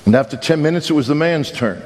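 A man's voice: on the high side, fast, a little mellow. A man preaching a sermon with emphatic rhetorical questions and a faint New York accent. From Brooklyn, New York. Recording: long hall reverb.

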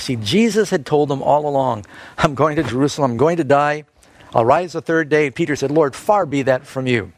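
A man giving a sermon, retelling a Bible story and quoting scripture in a lively storytelling manner. His voice sits mid-pitch and sounds close and dry, with no room echo. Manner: storytelling, quotes scripture, shifts pitch for emphasis. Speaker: preacher.

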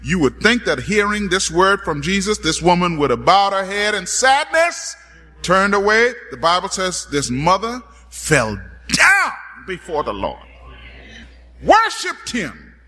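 Animated preacher man in a reverberant church. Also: sits high, unhurried. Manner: dramatic, calls out to the congregation, acts out voices. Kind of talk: sermon.

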